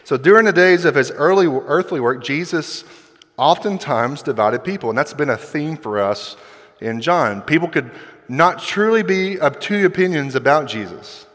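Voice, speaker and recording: A man's voice: on the high side, lively intonation, moderate pace, fairly bright tone. A male pastor preaching a sermon in a conversational way, acting out quoted voices as he goes. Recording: long hall reverb.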